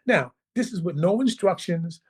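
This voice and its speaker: A man telling a personal story as a podcast guest, animated, acting out the quotes and checking in with the listener. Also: high voice, normal speed, breathy edge. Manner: animated, acts out quotes, checks in with "right?" and "okay?". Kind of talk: casual storytelling.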